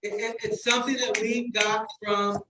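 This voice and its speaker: A man's voice: high voice, little pitch movement, moderate pace, background noise. A man sharing his life story in casual testimony, exuberant, calling out friends and saying "man" constantly.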